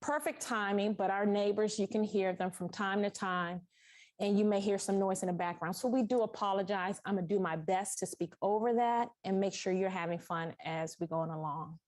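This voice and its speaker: Woman sewing instructor, warm-up talk to a live class, animated, congested, echoey studio. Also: mid-range voice, moderate pace. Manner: emotional, animated, thankful. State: sinus congestion. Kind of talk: welcoming a live class before a tutorial. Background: construction noise next door.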